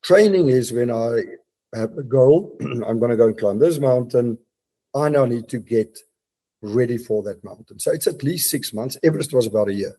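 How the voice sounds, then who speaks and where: Mellow-voiced man. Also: mid-range voice, normal speed. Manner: reflective, with frequent restarts. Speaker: guest, mountaineer and business leader. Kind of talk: casual podcast interview. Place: home study.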